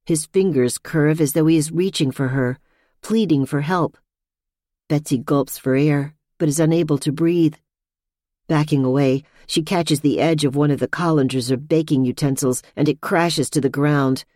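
Woman reading a thriller audiobook, low dark voice, dry close mic. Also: moderate pace, dry recording. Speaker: audiobook narrator. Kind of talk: scripted narration.

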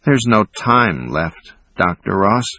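A man playing a wounded, unhinged man who talks slowly in a calm, distant, menacing way. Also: fairly low pitch, no echo, pitched above the performer's own voice, full character voice.

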